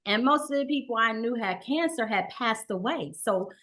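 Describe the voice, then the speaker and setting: A woman's voice: a little high, expressive, a bit bright. Woman recounting her cancer story. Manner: halting, many restarts and fillers, acts out quoted dialogue. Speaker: guest, cancer survivor. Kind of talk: emotional personal storytelling.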